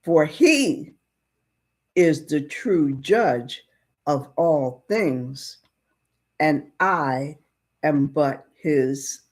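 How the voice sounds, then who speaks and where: A woman voicing a remorseful dying old judge in a spoken storybook, speaking slow and solemn. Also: deep voice, expressive, a little mellow, pitched below the performer's own voice, full character voice.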